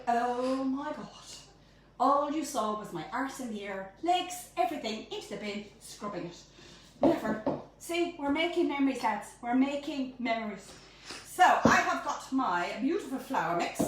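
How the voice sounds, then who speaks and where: Middle-aged woman, bubbly home baking host, high voice; phone mic at a distance in an echoey kitchen. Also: a little hiss or hum. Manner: bubbly, chatty and animated. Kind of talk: live-streamed cooking demonstration. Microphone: phone camera held by a helper at a distance.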